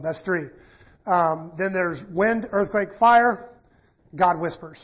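In a dull, lo-fi sermon recording, a man speaks slowly in a high, breathy voice. He's a preacher reading scripture aloud and explaining it in a conversational style, full of fillers and false starts.

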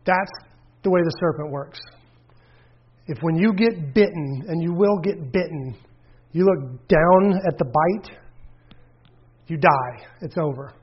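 A man's voice: fairly high pitch, takes it slowly, pauses often, husky, muffled recording. A man preaching a conversational sermon, searching for words and acting out the voices he quotes. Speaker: pastor. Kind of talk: sermon with audience questions.

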